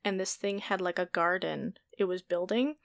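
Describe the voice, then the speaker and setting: A woman's voice: fairly low pitch, fairly even intonation, moderate pace, vocal fry, dry recording. A woman on a podcast, chatting casually as a dungeon master, rambling and laughing often and swearing freely. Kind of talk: casual chat.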